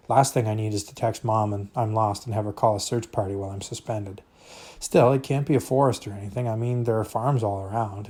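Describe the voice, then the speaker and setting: A man's voice: on the low side, mellow, slightly rough. A man reading a novel aloud, narrating expressively in the first person. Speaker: reader.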